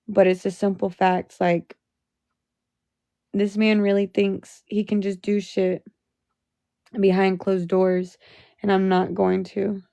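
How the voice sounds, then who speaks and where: Brief: young woman livestreamer, angry profane venting, gravelly fry, dry close phone sound. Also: medium pitch, little pitch movement, slow, long pauses, dark tone, no echo. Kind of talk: livestream rant to chat.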